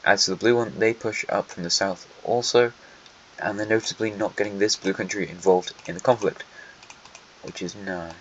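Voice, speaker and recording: A man with a lowish voice gives casual alternate history map commentary, tossing dry jokes at the countries as he goes. The recording sounds a little dull and lo-fi, with a faint hiss and some quiet typing behind him. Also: fairly even intonation, moderate pace. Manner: dry, joking asides that address countries directly.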